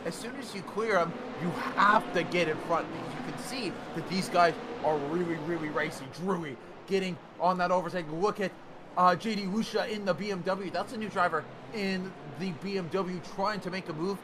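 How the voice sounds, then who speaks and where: Man, race commentator, high voice, energetic play-by-play, noisy stream audio, game engine hum behind. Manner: energetic, quick bursts of excitement.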